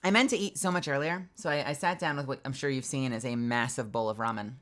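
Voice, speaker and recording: A woman voice actor streaming from her home booth, telling a story in an animated way and acting out both sides of the conversation. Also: extremely low pitch, fast. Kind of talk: casual stream chat.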